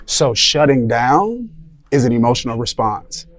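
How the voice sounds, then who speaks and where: A man's voice: mid-range voice, very animated, a little slow. A man discussing ideas on a podcast panel, thoughtful and searching for his words.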